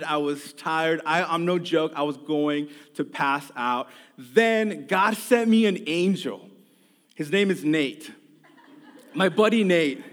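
A man preaching a sermon, telling a funny personal story before turning earnest and quiet. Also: high voice. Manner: storytelling, animated and humorous, then earnest and quiet. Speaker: pastor. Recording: long hall reverb.

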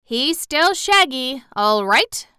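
A woman's voice: sits high, big pitch swings, slow, sharp tone, clean tone, dry recording, studio quality, pitched above the performer's own voice, exaggerated voice. A woman voicing a grave, blunt little boy in an audiobook, speaking in short, curt phrases. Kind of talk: audiobook character reading.

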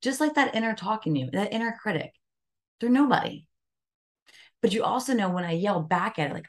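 A woman's voice: mid-range voice, animated, brisk, pauses often. A woman guest on a podcast, talking casually about self-care and often asking "right?" as she goes. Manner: conversational, frequent "like" and "right?" fillers. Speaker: podcast guest, wellness coach.

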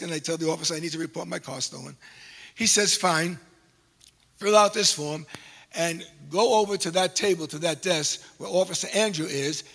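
A male pastor who preaches through a funny personal story, animated and self-mocking. His voice is high and gravelly with a husky edge. It rings out in a long, reverberant hall. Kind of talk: storytelling sermon.

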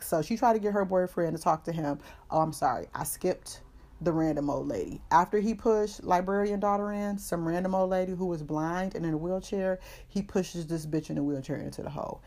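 Low-voiced woman recapping a plot, profane. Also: moderate pace, a little mellow. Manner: profane, slangy storytelling. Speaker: podcast host.

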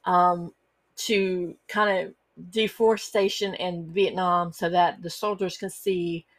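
A woman's voice: on the low side, fairly bright tone. A middle-aged woman, hosting a personal storytelling podcast and talking earnestly, with frequent fillers and restarts. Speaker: podcast host.

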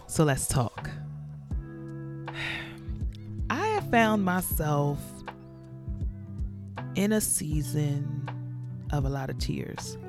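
A woman hosting a faith podcast, talking candidly and reflectively about her own struggles in a confessional monologue. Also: low-pitched. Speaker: podcast host.

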